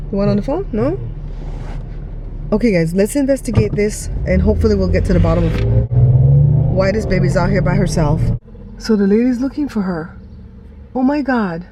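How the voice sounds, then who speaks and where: A woman's voice: mid-range voice, background noise. A woman in her forties, chatting straight to her viewers as she films a vlog on a phone. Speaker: vlogger. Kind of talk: casual vlog narration.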